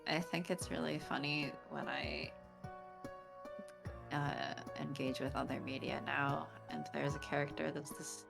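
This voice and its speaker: Woman, low pitch, gravelly, casual gaming chat, jokey, frequent laughter. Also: fairly even intonation, measured pace, over music. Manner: joking, laughs often, swears casually. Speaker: co-host of a game let's play. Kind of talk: casual chat while playing a visual novel.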